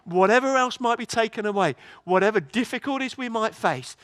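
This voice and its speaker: A man preaching a sermon in a church, telling a story in a lively way with many restarts. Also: sits high, a little fast, dry recording.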